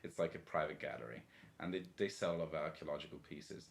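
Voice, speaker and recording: A man talking as a guest in a casual interview, telling stories in an animated way and swearing freely. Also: very deep voice, fast talker, creaky. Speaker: design guest.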